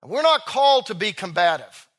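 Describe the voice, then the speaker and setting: A male pastor preaching a sermon in an emphatic style, stretching out key words and swinging between loud and soft passages. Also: high voice, sing-song, brisk.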